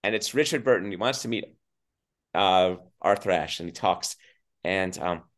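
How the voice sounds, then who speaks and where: An older man being interviewed as a tennis journalist, telling stories in a lively, animated way with frequent restarts. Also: sits low, moderate pace. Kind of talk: casual storytelling interview.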